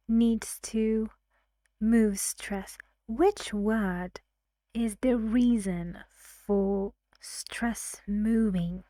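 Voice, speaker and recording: A woman teaching English pronunciation in a recorded lesson, speaking carefully and often dropping to a soft whisper. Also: mid-range voice, very slow, dry recording.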